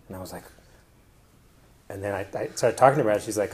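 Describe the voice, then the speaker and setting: A man's voice: lowish voice, fast talker, pauses often, a little mellow. A man presenting to an audience in a casual personal style, rambling with many fillers and restarts. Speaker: conference presenter.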